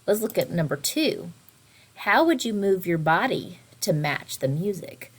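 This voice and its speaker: Lively woman teaching a kids' music lesson. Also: lowish voice. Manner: lively, expressive, slows and whispers for emphasis. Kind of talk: recorded online lesson for children.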